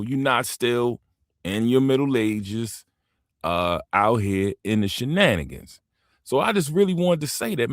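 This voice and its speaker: A man's voice: no room sound, studio quality. A middle-aged man lecturing and teasing his audience in a rambling, profane livestream monologue. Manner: lecturing, rambling, swings in pitch.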